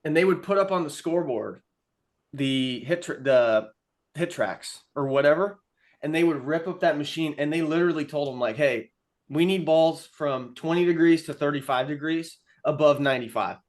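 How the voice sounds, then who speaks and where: Young man telling animated baseball stories. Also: on the high side, moderate pace. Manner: animated storytelling with acted-out quotes. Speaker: podcast co-host. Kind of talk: casual chat.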